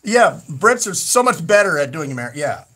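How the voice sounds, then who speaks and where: A man hosting a radio talk show, animated and rambling, often stammering and repeating words. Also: fairly high pitch, moderate pace.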